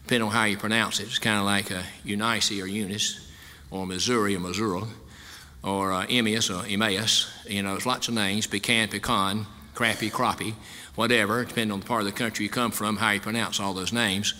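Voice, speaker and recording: A man's voice: on the low side, fairly even intonation, fast talker, hardly any pauses, bright, forceful tone. A man, a pastor, giving a sermon in a folksy, conversational way, recorded in a church sanctuary. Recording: long hall reverb.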